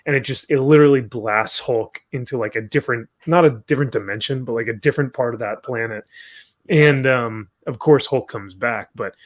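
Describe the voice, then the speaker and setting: Mid-pitched laid-back rambling man. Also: fairly quick. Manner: casual, rambling, "like" and "bro". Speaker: podcast guest. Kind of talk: casual podcast discussion.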